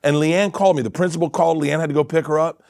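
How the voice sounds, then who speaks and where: A middle-aged man telling stories in a casual podcast chat, laughing often and dropping to quiet mutters. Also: on the high side, fairly even intonation, racing, creaky, dry recording, clean studio sound. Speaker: comedian guest. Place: podcast studio.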